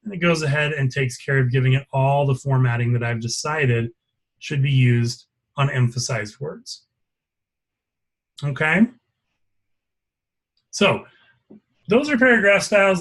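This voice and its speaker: Male instructor, slightly high voice, walks through a screen demo step by step, asks for questions. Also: a bit bright. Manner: explains step by step, checking for questions. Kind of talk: live software lesson with screen demo.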